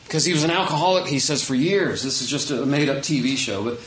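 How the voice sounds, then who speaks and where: A man's voice: medium pitch, fast talker. Man preaching in an echoey room. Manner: unscripted, swings between emphatic and quiet asides. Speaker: pastor. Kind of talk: conversational sermon.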